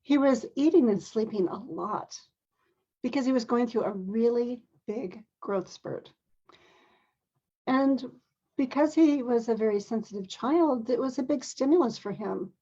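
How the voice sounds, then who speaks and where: This older woman, a mother and grandmother, gently and earnestly tells a personal story at a measured pace, occasionally clearing her throat. Her voice is a little high, heard through a muffled recording.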